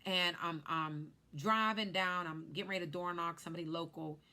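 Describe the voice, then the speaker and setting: A woman in her thirties tells a personal story on a vlog, animated and lively, acting out what people said. Her voice is bright and forward, with a clear, ringing edge. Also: fairly low pitch, moderate pace. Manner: animated storyteller who acts out quotes. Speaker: life insurance agent.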